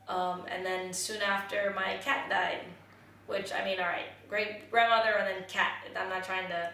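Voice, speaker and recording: A young woman from the United States and Jamaica speaking candidly in a personal vlog, halting and restarting as she reflects. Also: medium pitch, sharp tone. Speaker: vlogger. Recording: very echoey room, voice from far off the mic, faint noise.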